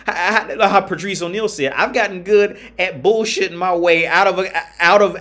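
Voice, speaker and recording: High-voiced man ranting on a livestream. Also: fairly bright tone. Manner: emphatic, profane, repeats phrases. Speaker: livestream host.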